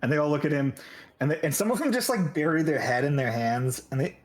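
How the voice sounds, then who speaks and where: A man narrating a tabletop game as game master, lively and quick to laugh. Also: on the high side.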